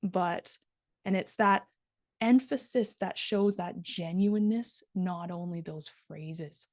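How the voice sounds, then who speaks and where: A middle-aged woman teaching a live online class, modelling soft empathetic phrases and stressing key words as she speaks to her students. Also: fairly low pitch, slow, no room sound, studio quality.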